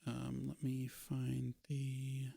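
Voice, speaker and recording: A man narrating a tabletop role-playing game as dungeon master, relaxed, with pauses and fillers. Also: medium pitch, creaky, slightly rough, no room sound.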